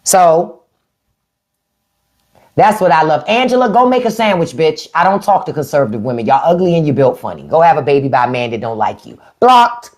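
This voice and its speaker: A woman's voice: low voice, expressive, a little fast, a little mellow. A woman hosting a live stream in an unfiltered, profane and sarcastic rant, with features. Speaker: livestream host.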